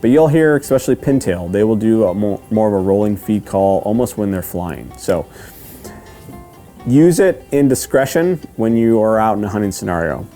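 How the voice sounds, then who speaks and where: Guy teaching step by step, lowish mellow voice, keeps saying okay?, quiet music under it. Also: big pitch swings. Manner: patient, repeats steps, checks in with "okay?"; counts out rhythms slowly and sings the cadence. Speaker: duck calling instructor. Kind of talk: step-by-step instruction.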